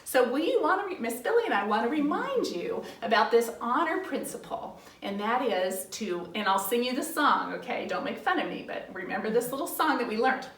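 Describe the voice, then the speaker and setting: Animated woman teaching kids, high voice. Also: brisk, hardly any pauses. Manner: animated, sing-song, acts out family dialogue. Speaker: children's ministry teacher. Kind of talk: teaching young children. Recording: roomy, from some distance off the mic.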